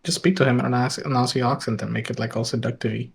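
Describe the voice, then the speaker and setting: A man's voice: medium pitch, steady tone, racing, gravelly. Teasing man egging on his friends. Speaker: stream guest. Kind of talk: casual gaming stream chat.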